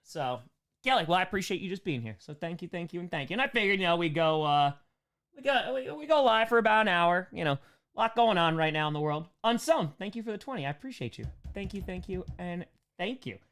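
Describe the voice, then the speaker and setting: A man's voice: high-pitched, sing-song, fairly bright tone. A young man from New York hosting a casual live Q&A, reading out donors and chatting loosely and upbeat. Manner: loose and upbeat, quick thank-yous to donors. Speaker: livestream host answering superchats.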